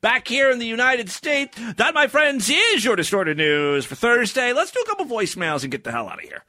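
A man's voice: extremely high pitch, very animated, brisk, pushed and bright, no echo, soft background music. A man hosting a podcast, giving sarcastic, crude, rambling commentary on clips. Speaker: podcast host. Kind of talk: casual comedic commentary on clips.

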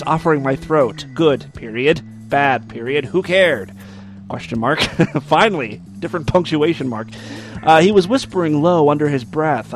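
A wisecracking man with a slightly raised voice reads a story aloud and keeps cutting in to ridicule it. His delivery is sarcastic, and faint music plays underneath. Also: a little high. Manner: sarcastic, wisecracking, laughs at the text. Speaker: host. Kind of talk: comedic reading with mocking commentary.

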